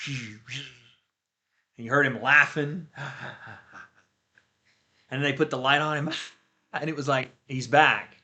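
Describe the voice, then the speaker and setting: A man hosting a casual livestream, talking fast and excitably about the news of the day. His voice has a bright, forward ring at a middle pitch. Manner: excitable, talkative, swears freely. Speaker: livestream host.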